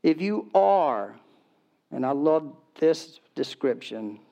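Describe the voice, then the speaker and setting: Man, middle-aged, pastor, conversational sermon, fairly high voice, chuckles often. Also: very animated, slow, gravelly, warm tone. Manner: conversational, chuckling, lots of restarts and fillers. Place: church in Myrtle Beach.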